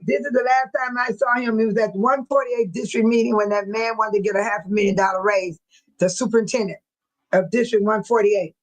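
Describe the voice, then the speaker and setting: A woman talking loosely to her live-stream audience, her voice sitting a little high. She laughs often and slips into exaggerated impressions of other people. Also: steady tone, a little fast, rough recording. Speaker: channel host. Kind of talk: casual live-stream chat.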